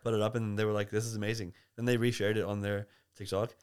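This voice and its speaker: A man's voice: lowish voice, little pitch movement, fast, clean tone. An Australian man who is a barista and coffee creator, a guest chatting casually in a podcast interview, rambling with lots of fillers and restarts.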